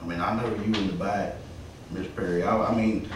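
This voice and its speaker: A man, a council member answering calmly and reassuringly at a meeting. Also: sits low. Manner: calm, reassuring, deliberate. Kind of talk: measured reply at council meeting. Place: council chamber. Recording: echoey room from far off with faint noise.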